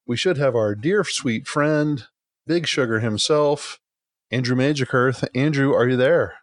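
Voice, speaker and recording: A man's voice: mid-range voice, measured pace, no echo, studio quality. Jokey man hosting a sports podcast. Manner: jokey, teasing, stammers on restarts. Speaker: podcast host, league commissioner.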